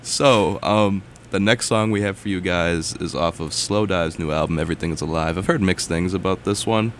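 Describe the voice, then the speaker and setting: A young man hosting a student radio show, chatting in a relaxed, easygoing way with many fillers. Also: low voice, normal speed, a little hiss or hum. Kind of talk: casual chat on air.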